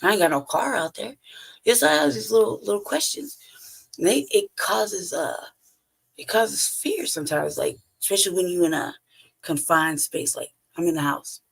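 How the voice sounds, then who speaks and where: Podcast host, male, rough gravelly voice, casual profane storyteller who laughs between lines. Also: high voice, lively intonation, moderate pace, fairly bright tone. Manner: profane, blunt, laughs often between phrases.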